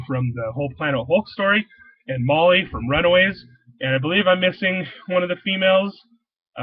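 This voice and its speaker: Guy rambling excitedly about comics, kinda high voice, lots of uh and restarts, muffled dry sound. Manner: enthusiastic, rambling, with many fillers and restarts. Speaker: comic shop owner reviewing new comics. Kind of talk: casual rambling review.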